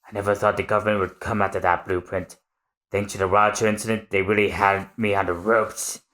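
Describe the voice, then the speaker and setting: A man voicing a calm, resigned old fishman shipwright in a soft, low manga read-aloud. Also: brisk, close to an everyday voice. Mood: resigned, tender. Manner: soft, low and gentle delivery.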